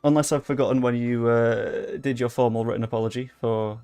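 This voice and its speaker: Faint music plays beneath a young man's loud, profane, casual commentary as he livestreams a game from his desk mic, reacting to each moment. He talks fairly quickly with fairly even intonation, in a middle-pitched voice that's rough and gravelly.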